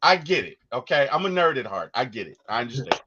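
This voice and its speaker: A man co-hosting a casual movie discussion, telling stories with animated energy and acting out quotes. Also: mid-range voice, fast talker, breathy edge, muffled recording. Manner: animated storyteller, acts out quotes. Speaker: podcast co-host.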